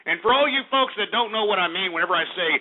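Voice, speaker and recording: A man's voice: high voice, lively intonation, racing. A man hosting a talk radio show, ranting in a profane, blustering way and often asking if listeners understand. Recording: tinny phone-like radio audio.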